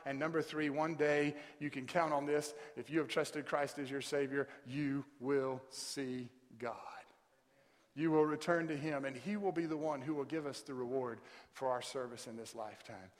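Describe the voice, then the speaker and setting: A male pastor delivers a sermon in a fairly high voice. He preaches with emphatic energy, pressing hard on key words. The sound rings out with a long hall reverb. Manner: emphatic preaching that builds to loud, stressed peaks.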